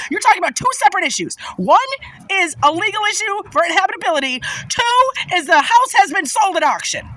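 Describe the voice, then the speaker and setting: A woman's voice: very high voice, lively intonation, fast talker, sharp tone, rough recording. A woman telling a personal story in casual monologue, agitated and emphatic, swearing often.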